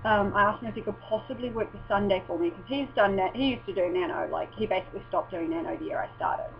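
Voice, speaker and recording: Her voice is medium-pitched and fast with noticeable vocal fry as she vlogs casually at home. She rambles, swears, and frequently breaks off mid-sentence, and the recording is dull and lo-fi with mains hum.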